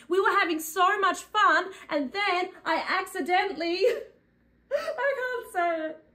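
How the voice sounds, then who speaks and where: A woman's voice: extremely high pitch, sharp tone. A young adult woman hosting a preschool colour lesson, talking in an exaggerated, dramatic, sing-song way. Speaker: children's educator host. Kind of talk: preschool educational video.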